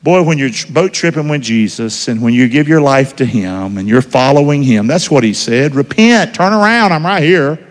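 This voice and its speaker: A man preaching a sermon in a church, folksy, quizzing the congregation and swinging between loud and hushed. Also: mid-range voice, normal speed, few pauses. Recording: reverberant church hall.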